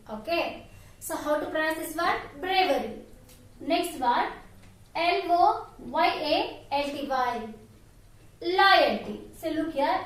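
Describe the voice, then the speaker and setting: A woman's voice: high-pitched, animated, takes it slowly, pauses often, a bit bright. A woman, teaching an online class to young children, spelling each word out letter by letter and checking in with "okay?". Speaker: primary school English teacher. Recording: very echoey room, mic far off.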